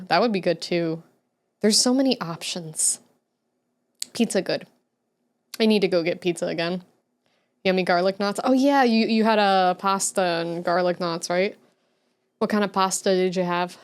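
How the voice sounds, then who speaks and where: A woman's voice: on the low side, normal speed, pauses often, smooth. A young adult woman hosting a casual livestream, chatting with viewers while drawing, laughing often as she answers them. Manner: chatty, giggly, answers chat aloud with frequent laughter. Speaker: livestream host.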